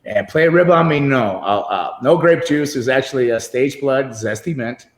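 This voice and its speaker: A man's voice: mid-range voice, moderate pace. A middle-aged man spinning loose, meandering anecdotes, often breaking into laughter as he goes. He speaks over a computer video call, and his voice carries a roomy echo. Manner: rambling, laughs while telling stories. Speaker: guest wrestler. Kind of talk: casual interview storytelling.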